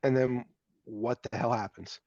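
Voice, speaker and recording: A man's voice: mid-range voice, fairly even intonation, a little slow, darkish tone, no echo. A man hosting an interview, asking short questions and reacting to his guest's stories. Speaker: host. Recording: dry, dull lo-fi sound.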